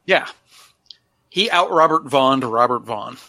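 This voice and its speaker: A man's voice: medium pitch, expressive, measured pace, bright, forceful tone, dry recording. A man co-hosting a casual podcast, speaking earnestly and with enthusiasm. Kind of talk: casual chat.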